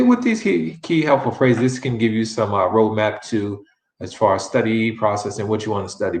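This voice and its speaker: A man teaching a Spanish lesson, speaking slowly and enunciating clearly, repeating phrases over and over. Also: on the low side, reverberant. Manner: slow, deliberate enunciation with many repetitions. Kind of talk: online language lesson.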